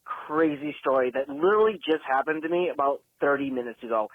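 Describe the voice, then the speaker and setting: A man's voice: a little high, a little fast, no room sound. A man leaving a rambling, frustrated voicemail rant as a caller. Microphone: phone. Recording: phone line voicemail.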